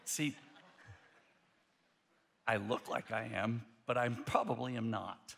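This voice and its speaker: A male pastor tells a story during his sermon, delivering it with animation and frequently restarting his sentences. He speaks slowly at a medium pitch, with some vocal fry.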